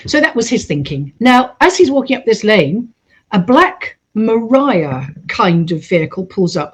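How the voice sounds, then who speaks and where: A woman recounting a true story in a casual, animated way, acting out the voices of the people in it. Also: medium pitch, breathy edge. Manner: animated, acts out quoted voices. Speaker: storyteller host.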